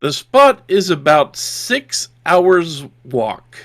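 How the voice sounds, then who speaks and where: A man from Yorkshire runs a tabletop session as game master, with a bright, forceful voice. He lays out scenes in detail and checks the rules aloud as he goes. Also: fairly high pitch, sing-song, drawn-out words.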